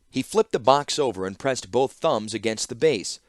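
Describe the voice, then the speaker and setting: A man narrating a fantasy audiobook with expressive storytelling. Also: medium pitch, normal speed, dry recording, studio quality. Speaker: audiobook reader.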